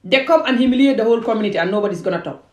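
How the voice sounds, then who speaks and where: A woman's voice: fairly high pitch, animated, very fast, darkish tone. A woman from Gambia ranting heatedly and emphatically in a self-filmed commentary video. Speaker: vlogger.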